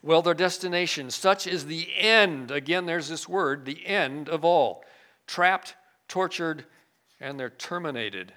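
Older male pastor, bright, fairly high voice; sermon delivery with sharp swings between emphasis and hush. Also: a little slow. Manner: swings from loud emphasis to quiet asides.

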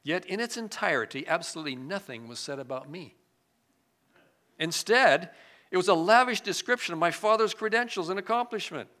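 A man preaches a sermon and reads scripture aloud, swinging between loud, emphatic lines and hushed asides. His voice sits high, animated and brisk.

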